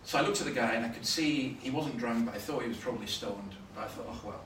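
A Scottish man preaching a sermon, telling stories with sudden loud bursts of emphasis. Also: medium pitch, quick pace. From Scotland. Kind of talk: sermon with anecdotes. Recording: roomy, from far off, faint noise.

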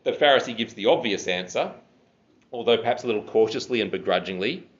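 A man's voice: lowish voice, lively intonation, fast talker, lo-fi sound. A man preaching a sermon, explaining scripture verse by verse and stressing key words.

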